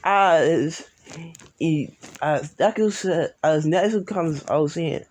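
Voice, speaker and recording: A man's voice: a little high, slow, a little mellow. Rambling man telling a story into his phone. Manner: rambling, with frequent restarts and self-corrections. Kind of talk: improvised fan-fiction storytelling. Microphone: phone, sometimes far from it.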